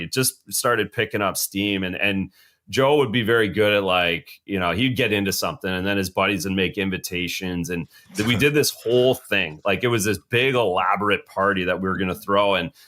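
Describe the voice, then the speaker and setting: A man's voice: lowish voice, a bit bright. A man in his forties, a former hockey player co-hosting a podcast, chatting in a wry, easygoing way. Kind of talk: casual chat.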